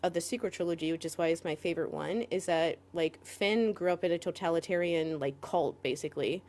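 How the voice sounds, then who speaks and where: Rambling woman with a lowish voice. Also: fairly quick, a little mellow. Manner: rambling, heavy filler "like", frequent laughs. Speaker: podcast co-host. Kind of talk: casual chat.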